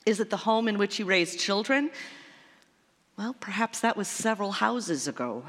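A woman's voice: mid-range voice, animated, normal speed, a bit bright. A woman pastor preaching a sermon in a lyrical, repetitive, wondering way. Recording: long church reverb.

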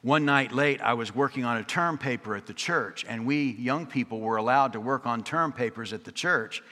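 Bright and clear, this preacher's medium-pitched voice moves at a moderate pace through a story-driven sermon. Wry, conversational asides and rhythmic repetition mark his delivery, echoing with the long reverb of a big hall.

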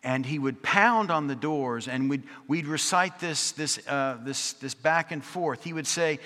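A man delivers a storytelling sermon with a bright, clear voice. He drops in wry, chatty asides and leans on rhythmic repetition. The sound rings out with a long reverb, as in a church sanctuary. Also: fairly high pitch, unhurried. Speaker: preacher. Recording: long reverb of a large hall.

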